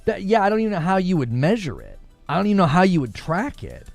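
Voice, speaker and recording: A man's voice: high-pitched, wildly swooping pitch, fast talker, gravelly, no room sound, soft background music. A man hosting a casual gaming livestream, reading chat and talking back to it, laughing often.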